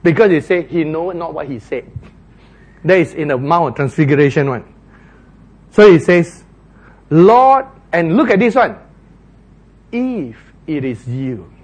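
A man preaching a sermon, retelling a story dramatically with shouted voices for its characters. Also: fairly high pitch, lively intonation, moderate pace, long pauses, slightly rough.

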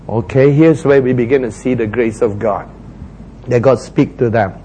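A man's voice: medium pitch, normal speed, mellow, slight background noise, low-quality recording. A man preaching a sermon, retelling scripture in an earnest, repetitive way.

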